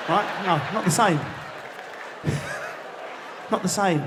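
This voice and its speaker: A man in his forties with an Essex accent doing a crude, rapid-fire stand-up routine on a theatre stage, leaping into squeaky voices. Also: crowd noise, noisy background. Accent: Essex English. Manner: rapid, animated, crude riffing with squealed voice jumps. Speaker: stand-up comedian.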